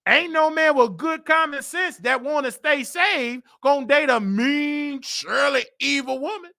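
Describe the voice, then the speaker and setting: A man hosting a show, telling a church story in a dramatic, preacher-like way that rises to shouts. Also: very high-pitched, a little slow, vocal fry. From Chicago. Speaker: show host. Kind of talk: animated storytelling monologue.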